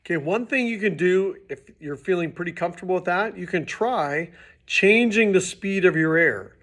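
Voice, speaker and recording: Man teaching trumpet basics, slightly high voice. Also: lively intonation, moderate pace, a bit bright. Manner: patient, plain explaining with casual restarts. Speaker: music teacher. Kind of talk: instructional demonstration.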